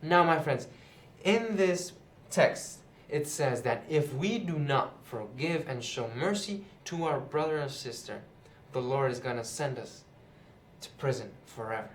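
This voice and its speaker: A man's voice: mid-range voice, lively intonation, unhurried, slight background noise. Chatty young man, roomy echo. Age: young adult. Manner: chatty, with many fillers like "you know" and "right". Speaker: youth Bible teacher, channel host. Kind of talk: casual Bible lesson to camera. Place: indoors, seated.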